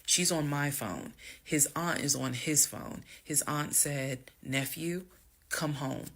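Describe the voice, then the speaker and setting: A woman telling a personal story to her viewers, emphatic and dramatic, slowing down to stress words and then rushing ahead. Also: sits low, fairly bright tone, breathy edge. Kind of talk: casual storytime monologue.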